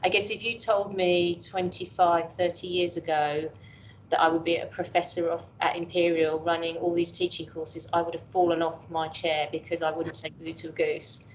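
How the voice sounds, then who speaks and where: A woman's voice: on the low side, little pitch movement, normal speed, slight background noise. A woman in her fifties with an English accent, a professor guest talking candidly and chattily in an interview. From England. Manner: candid, chatty, self-deprecating. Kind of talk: reflective casual interview talk. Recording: dull lo-fi audio.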